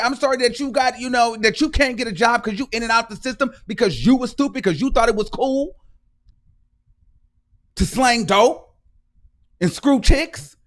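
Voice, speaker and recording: A man's voice: very high voice, fairly bright tone. A man hosting a livestream show, ranting heatedly with sarcasm, repetition and frequent swearing. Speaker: host.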